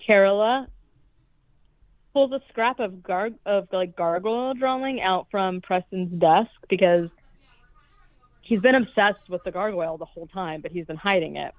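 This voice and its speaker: A woman's voice: medium pitch, moderate pace, dry recording. A woman podcast co-host recapping a horror movie in a chatty, profane way, with lots of "like". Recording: tinny phone-like, dry sound.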